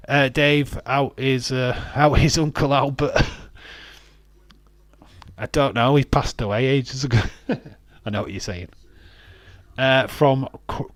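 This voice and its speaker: A man's voice: on the low side, no room sound. A man hosting a casual wrestling watch-along stream, rambling, laughing often and reading out viewer comments.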